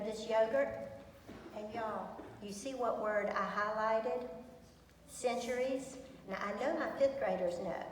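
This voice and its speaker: A woman's voice: fairly high pitch, recorded from a distance, a little hiss or hum. Chatty woman teacher in echoey hall. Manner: chatty, many ums, enthusiastic. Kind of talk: presentation to students. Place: large echoey school hall.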